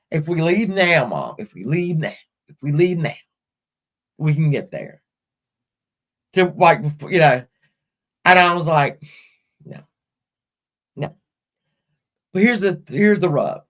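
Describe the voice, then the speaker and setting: A middle-aged woman hosting a live stream, telling rambling personal stories bluntly and with plenty of swearing. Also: low voice. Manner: blunt and profane, rambling with restarts. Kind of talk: casual personal storytelling.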